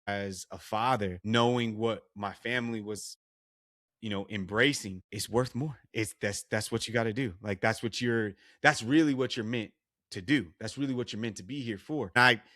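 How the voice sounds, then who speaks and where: A man, a guest on a podcast, telling a personal story in a casual, animated way, full of "like" and restarts. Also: fairly low pitch, moderate pace, no echo, studio quality. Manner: animated retelling with many "like" and restarts. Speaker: guest, actor and artist.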